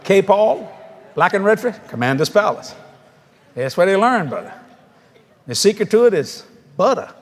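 A man's voice: high voice, moderate pace, long pauses, long reverb tail. A man preaching, telling stories with laughter and mimicking the voices of others. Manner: animated, laughing storyteller who mimics voices. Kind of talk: storytelling sermon.

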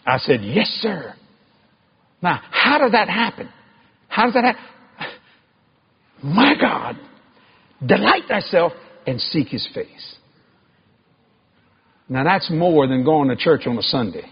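Husky male preacher, emphatic delivery. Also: very animated, highs cut off. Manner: emphatic preaching with sudden high shouted climbs and slow drawn-out stresses. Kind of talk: sermon.

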